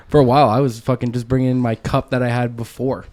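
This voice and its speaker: A man's voice: medium pitch, level tone, a little fast, darkish tone. A laid-back man in casual podcast chat, swearing as he tells a story.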